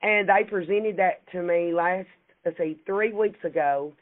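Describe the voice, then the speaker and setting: A woman's voice: fairly low pitch, measured pace. A woman with a Kentucky accent, a guest chatting in a folksy, laughing way about her work. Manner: warm, folksy, laughs often. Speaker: insurance agency CEO, guest. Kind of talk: casual interview chat. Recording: tinny phone-like call audio.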